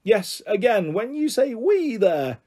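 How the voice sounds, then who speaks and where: A man voicing an excitable young girl with a dry, drawn-out way of questioning, in a storybook reading. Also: high voice, voice pushed up. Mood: wry.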